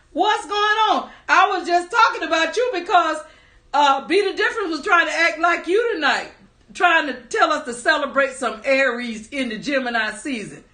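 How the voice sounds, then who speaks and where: A woman hosting a casual livestream, reading viewers' comments aloud with animated, laughing energy. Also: sits high. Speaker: livestream host.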